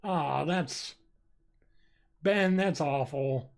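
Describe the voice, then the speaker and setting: Live streamer, slow unhurried delivery, mid-pitched, laughs often while reading chat. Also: gravelly. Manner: giggly, reacts with frequent laughter.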